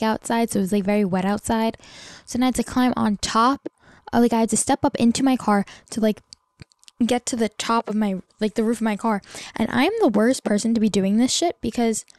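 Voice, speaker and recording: Young woman podcaster ranting, says like constantly, swears a lot, slightly high voice, dry close mic. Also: a little mellow, no room sound. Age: young adult. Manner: rambling, heavy "like" filler, swears freely, exasperated. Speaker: podcast host. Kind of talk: casual solo chat.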